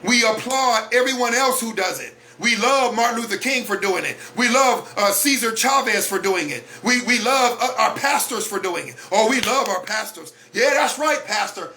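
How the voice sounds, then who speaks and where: Male host, high bright voice, blunt motivational monologue that keeps pressing the same questions. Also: lively intonation, moderate pace, hardly any pauses. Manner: blunt, preachy, repeats rhetorical questions. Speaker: host of a weekly talk broadcast.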